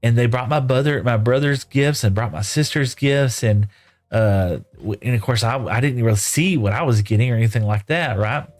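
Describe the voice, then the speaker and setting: A middle-aged man from West Texas with a mid-range, slightly dark voice speaks at a moderate pace while streaming. He tells a long, rambling story in a folksy, casual way, full of "you know" and "right?".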